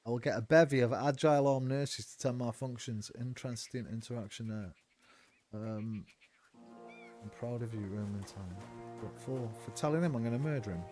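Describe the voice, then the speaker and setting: A man's voice: medium pitch, moderate pace, music in the background. A man giving casual, profane, rambling commentary as he streams a game.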